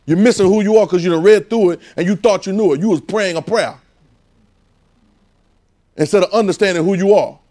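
A man's voice: high-pitched, fairly quick, long pauses, dark tone. Southern man preaching a call-and-response sermon. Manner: conversational call-and-response preaching, coaxing the audience.

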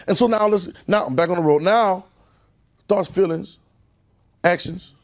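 Male preacher, sermon delivery, folksy asides to the congregation, climbs in pitch and volume on key points. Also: a little slow. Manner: call-and-response preaching, building in pitch and volume.

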